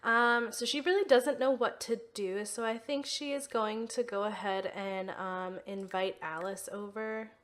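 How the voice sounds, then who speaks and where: A woman's voice: mid-range voice, steady tone, a little slow, hardly any pauses, fairly bright tone. A young woman hosting a let's play, narrating her life-sim game casually with lots of "um" and "like". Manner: chatty, many fillers and "like".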